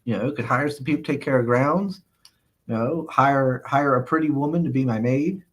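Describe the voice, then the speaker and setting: A man with a mid-range voice talks at normal speed while hosting a casual live stream. He reads chat aloud and rambles in reply, chuckling frequently and using many "uh, let's see" fillers.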